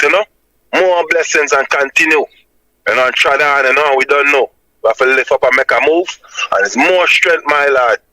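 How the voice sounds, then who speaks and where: Insistent high-voiced Jamaican man preaching. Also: bright, forceful tone, dry recording, poor audio. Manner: emphatic and insistent, repeating "my lad" as a tag. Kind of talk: preaching-style reasoning.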